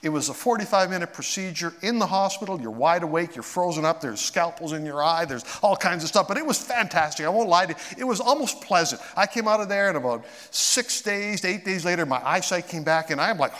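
A man preaching a sermon, telling a personal story with swings from excited to hushed and emotional. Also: a little high, a little fast, big-room sound. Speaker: pastor.

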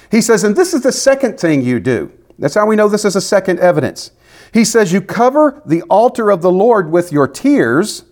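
A male pastor delivers an expository sermon with a fairly high voice. His pitch swings widely as he presses each point with emphatic, animated preaching. He often drops into quoted voices to act out the people in the text.

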